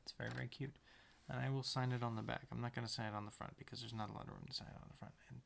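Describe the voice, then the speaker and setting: A man's voice: medium pitch, fairly even intonation, racing, vocal fry, slight background noise. A man casually narrating as he paints a tiny picture, rambling to himself with playful sound words. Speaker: painter and video maker.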